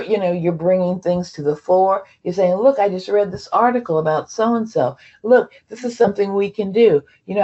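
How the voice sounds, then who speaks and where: A woman's voice: fairly low pitch, a little mellow, husky, lo-fi sound. A woman leading an onboarding presentation for a tech training program, talking conversationally with many fillers and restarts. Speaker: program leader addressing trainees.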